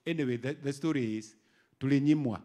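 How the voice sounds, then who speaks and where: A middle-aged Kenyan bishop preaching an animated sermon, moving from quiet asides to loud exhortation. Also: male voice, medium pitch, a little fast. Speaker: bishop and pastor.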